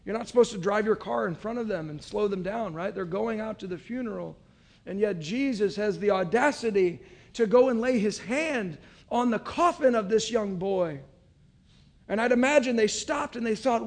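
A man preaching a sermon, reading scripture and then retelling the scene for listeners with expressive storytelling and frequent asides. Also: high voice, gravelly. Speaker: pastor.

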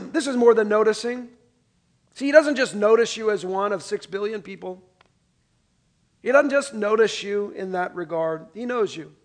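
A pastor with a high-pitched voice preaches a sermon conversationally at normal speed, pausing often. He calls on the congregation to answer and drops from loud emphasis to soft, quiet lines.

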